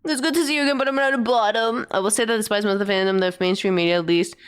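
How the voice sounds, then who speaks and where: A woman's voice: mid-range voice, animated, rapid-fire, clean tone. A woman streamer chatting casually on a reaction stream, laughing often and greeting her chat.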